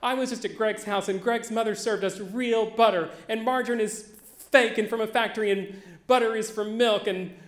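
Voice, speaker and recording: A man voicing his outraged, cocky teenage self, high and shouting, in a live story. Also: fairly even intonation, moderate pace. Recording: echoey live venue.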